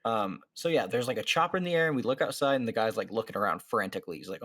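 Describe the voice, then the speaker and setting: A man's voice: lowish voice, lively intonation, very fast, fairly bright tone. Casual man telling a long story. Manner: acts out the people in his story, many fillers. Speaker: podcast host.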